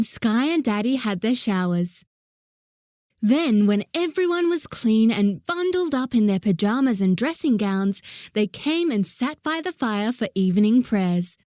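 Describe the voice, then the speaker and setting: Slow, gentle woman narrating a children's story. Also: fairly high pitch, dry recording, studio quality. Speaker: audiobook narrator.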